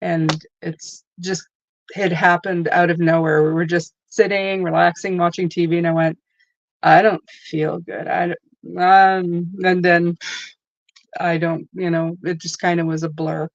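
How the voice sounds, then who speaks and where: A woman's voice: on the low side, level tone, normal speed, no room sound, highs cut off. A woman hosting a tarot live stream, talking in a chatty, rambling way with lots of asides. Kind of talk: casual live-stream chat.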